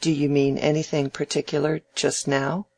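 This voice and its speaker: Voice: medium pitch, level tone, normal speed, creaky, a little mellow. A reader voicing an idle, proud young man in a novel, talking brashly and emphatically. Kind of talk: audiobook dialogue reading.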